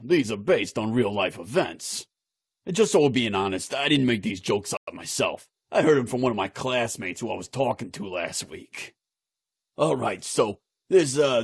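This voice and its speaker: Forty-something guy telling jokes, lively pitch, a bit husky. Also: no echo, studio quality. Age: 40s. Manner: chatty, anecdotal. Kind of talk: casual joke telling.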